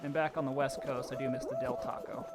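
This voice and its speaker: A man's voice: mid-range voice, fairly even intonation, quick pace, heavy background noise. A young man streaming a game live, chatting casually with viewers, telling stories and laughing often. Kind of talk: casual live-stream chat while gaming.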